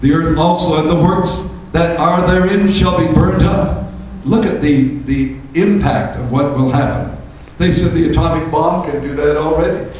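A man's voice: on the high side, normal speed, few pauses, a little mellow, slight background noise. A male pastor preaching a sermon, asking rhetorical questions and building to fervent emphasis. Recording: echoey church room, mic from a distance.

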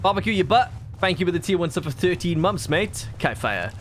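Casting: male streamer, chatty and casual, slightly higher voice, faint background noise. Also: sing-song, a little fast. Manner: chatty, thanking subscribers. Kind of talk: casual game stream chat.

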